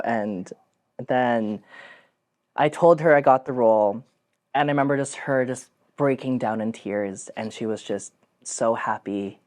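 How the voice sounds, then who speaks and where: Young guy chatting about his story, acts out lines, lots of likes and ums. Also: fairly high pitch. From Philippines. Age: young adult. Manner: animated, acts out quotes, many fillers. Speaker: actor telling his story. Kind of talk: casual storytelling to camera.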